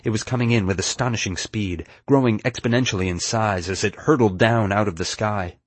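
A man reading a first-person adventure story aloud in a steady, measured way. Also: on the low side, no room sound. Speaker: audiobook narrator. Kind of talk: scripted first-person narration.

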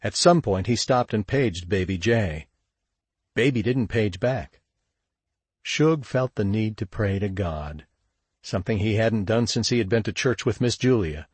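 A man narrating a crime story in a steady, measured audiobook read. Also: on the low side, husky, dry recording. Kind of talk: scripted narration.

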